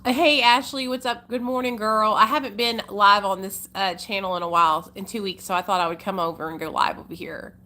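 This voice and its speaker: A woman's voice: mid-range voice, steady tone, fairly quick, few pauses, bright, forceful tone. Chatty Arkansas country woman. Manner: chatty, folksy, calls viewers honey and y'all. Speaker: livestream host. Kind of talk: casual livestream chat with viewers.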